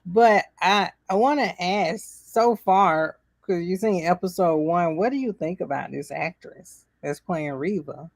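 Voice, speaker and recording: A woman's voice: measured pace, gravelly, hardly any pauses, no room sound, studio quality. A woman co-hosting a casual podcast chat, retelling scenes and acting out the quotes with laughter. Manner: animated, acts out quotes in high voices, laughs often. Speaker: podcast co-host.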